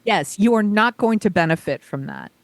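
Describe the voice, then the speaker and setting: A woman's voice: medium pitch, wildly swooping pitch, moderate pace, no room sound. A woman co-hosting a podcast in casual chat, ranting bluntly and emphatically. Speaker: podcast co-host.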